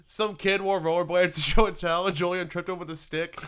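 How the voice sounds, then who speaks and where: A man's voice: high voice, steady tone, fairly quick, a bit bright, clean tone. A man co-hosting a podcast, chatting casually, swearing and laughing often. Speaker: podcast co-host. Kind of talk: casual chat.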